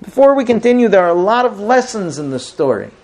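Gravelly middle-aged man teaching Torah. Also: high-pitched, sing-song, fast, a little mellow. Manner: storytelling, emphatic, with restarts. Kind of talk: Torah class lecture.

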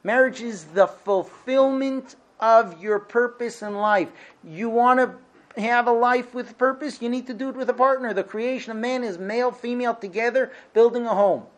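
A man's voice: extremely high pitch, moderate pace. A man teaching a class on marriage, lecturing emphatically and asking rhetorical questions.

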